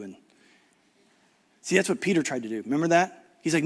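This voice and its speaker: A middle-aged man preaching a conference sermon, swinging from loud urgent emphasis to low hushed appeals and acting out the voices of people in the story. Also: big pitch swings, brisk, pauses often, husky. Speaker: guest preacher.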